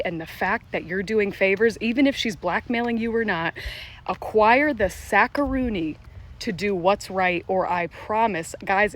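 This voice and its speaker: A woman TikTok creator in a casual vlog monologue, talking fast and emphatically, swearing often and leaning on "literally" and "like.". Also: mid-range voice. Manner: fast, profane, emphatic, heavy use of "literally" and "like".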